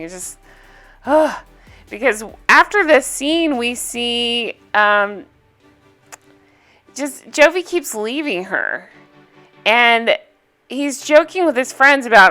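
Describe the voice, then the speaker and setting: A woman's voice: fairly high pitch, sharp tone, smooth. A woman, recapping a reality show in casual chat, blunt and opinionated and swearing freely.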